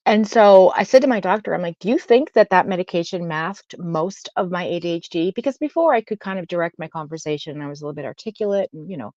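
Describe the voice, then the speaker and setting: A woman in her late forties chatting casually with a friend, telling stories in an animated way and laughing often. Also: lowish voice, fast talker, few pauses, no echo, lo-fi sound. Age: 40s. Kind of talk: casual chat.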